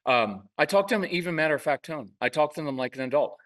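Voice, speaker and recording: A man talking casually in an interview, telling lively parenting stories and acting out parents and kids in quick asides. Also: on the high side, far from the mic. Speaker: parenting podcast host and guest expert. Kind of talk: conversational interview.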